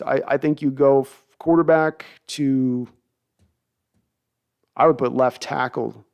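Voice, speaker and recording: A man's voice: medium pitch, a little mellow, clean tone. A man hosting a casual sports livestream, chatty and full of restarts as he reads viewer messages aloud. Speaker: host.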